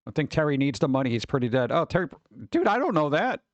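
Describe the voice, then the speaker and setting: A man's voice: fairly high pitch, big pitch swings, fast talker, dry recording, highs cut off. Man chatting casually on a live stream. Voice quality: scratchy vocals at times. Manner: rambling, wry, reacts to chat and pictures.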